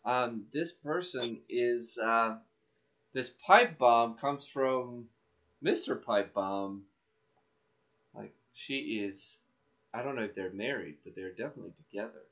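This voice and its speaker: A man's voice: medium pitch, slow pace, fairly bright tone. Rambling man hosting a wrestling podcast. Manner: rambling, full of restarts and fillers. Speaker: podcast host. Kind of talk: casual chat. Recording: dull lo-fi recording.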